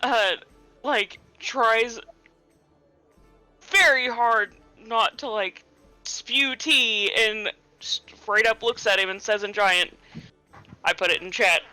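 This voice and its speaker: A woman's voice: on the high side, slow, long pauses, bright, forceful tone, clear, resonant tone, no echo, faint music behind. A woman playing a tabletop game online, narrating her character's reactions in casual chat. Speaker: player.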